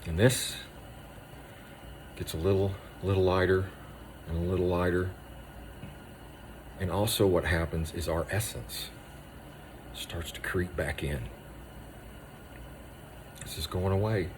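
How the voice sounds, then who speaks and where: A male veteran with a low-pitched voice delivers a raw, intense monologue. He hammers short phrases over and over and often sinks into a hushed tone. Faint noise sits under the recording. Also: steady tone, slow, long pauses. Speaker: Army veteran speaking on moral injury.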